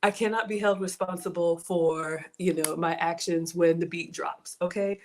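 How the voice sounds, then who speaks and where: A woman's voice: lowish voice, steady tone, moderate pace, slight background noise. A middle-aged woman hosting a casual home cooking livestream, playful and chatty as she greets viewers by name. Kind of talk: casual live cooking stream chat. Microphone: streaming from home setup.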